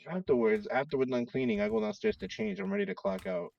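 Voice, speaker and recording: A man spins a story among friends, acting out every quoted line. His voice is gravelly and swings up and down, a touch high. He sounds distant and dull, like a lo-fi mic across the room. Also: animated, quick pace, a little mellow. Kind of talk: casual chat.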